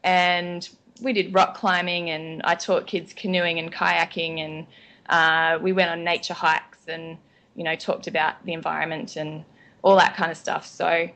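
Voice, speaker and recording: Australian woman, interview guest, lowish voice, chatty with frequent ums. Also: little pitch movement, measured pace, a bit bright. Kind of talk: casual interview chat.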